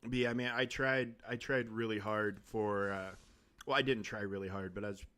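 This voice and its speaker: A man's voice: on the low side, fairly even intonation, moderate pace, pushed and bright, smooth. Rambling man chatting on a game stream. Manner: rambling, self-interrupting, chatty. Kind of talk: casual live-stream chat while gaming. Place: home room with his desk and stream camera. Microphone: desk mic on a stand.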